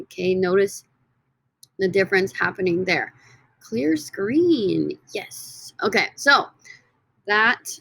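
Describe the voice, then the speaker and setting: A woman teaching a recorded lesson from slides in an upbeat, teacherly way, often stretching words out slowly for emphasis. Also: medium pitch, vocal fry, a bit bright. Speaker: Spanish teacher.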